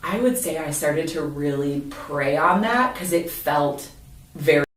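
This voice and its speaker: A woman's voice: low voice, expressive, measured pace. Candid woman co-host in an echoey room. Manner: candid, confessional storytelling. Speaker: podcast co-host. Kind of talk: casual podcast chat. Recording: roomy echo, mic at a distance.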